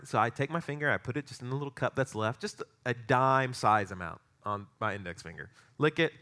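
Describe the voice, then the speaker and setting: A middle-aged man preaching a sermon, telling a story with animated, excitable energy. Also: mid-range voice, fairly quick, few pauses. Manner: storytelling, animated, rising to excited peaks in anecdotes. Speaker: pastor.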